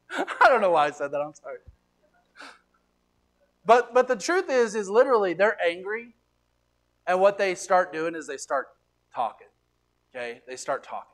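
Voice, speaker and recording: A pastor preaching a sermon, animated, often repeating words and swinging between quiet asides and loud emphasis. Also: male voice, high-pitched, moderate pace, long pauses. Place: church sanctuary.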